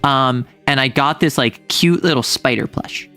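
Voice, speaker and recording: A young man from the US Northeast chats with his stream audience. His voice sits at an ordinary pitch, and he rambles freely, piling on fillers and restarts. Soft music plays faintly behind him. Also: measured pace. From US Northeast, near New York City. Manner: rambling, chatty, many fillers and self-corrections. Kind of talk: casual livestream chat reading chat.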